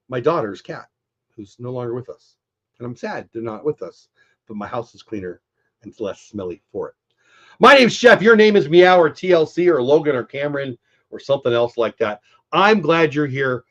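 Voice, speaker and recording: A man's voice: mid-range voice, a bit bright, dull audio. Stuffed-up middle-aged guy running a live stream, chatty, upbeat, talking right to chat. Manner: chatty, upbeat, talks straight to the viewers. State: stuffy, congested. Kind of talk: casual post-game live-stream chat.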